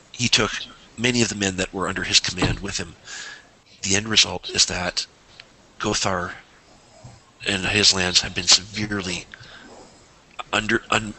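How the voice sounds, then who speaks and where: A man's voice: low-pitched, husky, low-quality recording. A man narrating a tabletop game as game master, telling the story with lots of restarts and asides. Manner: rambling, animated storyteller with frequent restarts.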